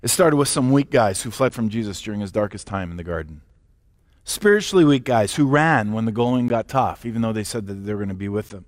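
A pastor giving a livestreamed sermon, emphatic and direct, asking the listeners rhetorical questions and sometimes restarting a word. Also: male voice, on the low side, expressive, brisk, dry recording, studio quality. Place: church or home, recorded for a live stream.

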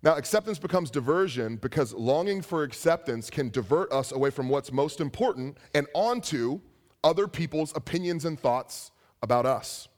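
A young adult man preaching a sermon as a pastor, telling stories with animated asides. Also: on the high side, moderate pace.

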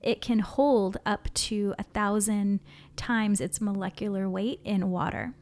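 A woman co-hosting a casual podcast, explaining herbs and her products, often dropping to a soft near-whisper. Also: medium pitch, steady tone, measured pace. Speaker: podcast co-host, herbalist.

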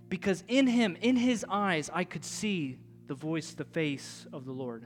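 Guy preaching a sermon, high voice, gets hushed then loud, repeats himself, soft music behind. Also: unhurried, hardly any pauses, long reverb tail. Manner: impassioned, swings from hushed to loud; repetitive, rhetorical preaching with restarts. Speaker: pastor.

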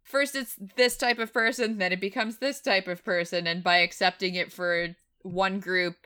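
A young woman from Tennessee talks through a film with her co-host in easy, chatty fashion. Her voice is bright and clear, and she laughs often between points. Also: medium pitch, fairly even intonation, normal speed. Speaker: podcast co-host. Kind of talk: casual film discussion.

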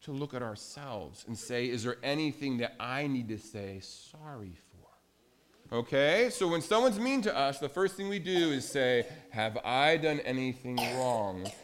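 A man's voice: mid-range voice, a little slow. A man, a pastor, giving a children's sermon in a church and asking the kids questions as he goes. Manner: animated, asks children questions. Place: church sanctuary.

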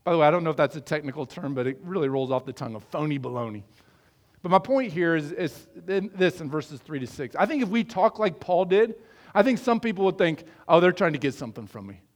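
A middle-aged Midwestern man delivers a sermon with a slightly higher pitch than most men. He talks in an earnest, conversational way and keeps putting rhetorical questions to his congregation. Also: fast. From American Midwest. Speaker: pastor.

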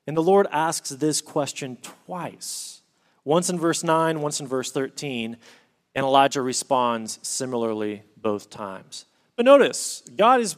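An earnest man gives a sermon at an ordinary middle pitch. He explains the text and reads scripture passages aloud. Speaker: pastor.

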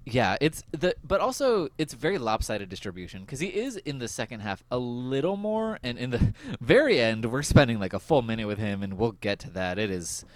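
A male podcast host chatting casually about a TV episode, laughing often and filling pauses with "um.". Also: mid-range voice, big pitch swings. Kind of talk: casual chat recapping a TV episode.

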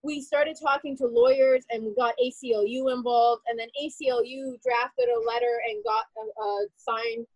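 A young woman telling a personal story in a casual, animated way, with many "like" fillers. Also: fairly high pitch, dry recording, low-quality recording. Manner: animated, rapid, full of "like" fillers.

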